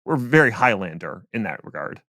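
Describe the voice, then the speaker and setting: A man's voice: on the low side, sing-song, bright, forceful tone, dry recording, studio quality. A man hosting a podcast, joking around in casual chat over a remote call. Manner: jokey, playful, quick to laugh. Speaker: podcast host.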